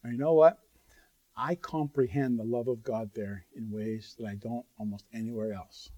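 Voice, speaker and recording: A man's voice: medium pitch, steady tone, moderate pace, mellow, dry recording. Earnest man preaching in a dry room. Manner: conversational and earnest, with sudden bursts of emphasis; talks straight to the audience with asides. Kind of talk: sermon.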